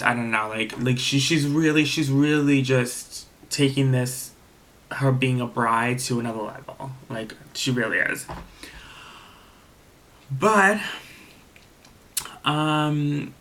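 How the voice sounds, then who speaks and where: A man at a middle pitch casually recaps a reality show episode. He rambles and restarts his sentences often. He speaks frankly and swears freely. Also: a bit bright. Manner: rambling, many fillers and restarts. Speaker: TV episode reviewer.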